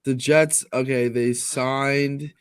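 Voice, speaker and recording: Man with a smooth, clear voice. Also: mid-range voice, flat delivery, takes it slowly, dry recording, clean studio sound. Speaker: podcast co-host. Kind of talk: casual sports chat.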